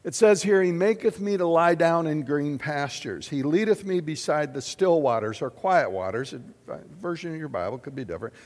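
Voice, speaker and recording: A man preaching a sermon in an auditorium, drawing answers from the audience and swinging from loud declarations to hushed questions. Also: a little high, normal speed, few pauses, in a large hall. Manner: animated, questioning the audience, big swings in loudness. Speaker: pastor.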